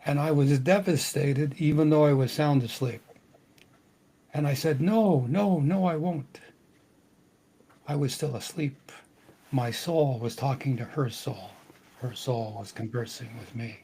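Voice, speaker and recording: An older man telling a personal family story earnestly, with halting restarts. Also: medium pitch, steady tone, dark tone, husky, rough recording. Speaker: podcast host.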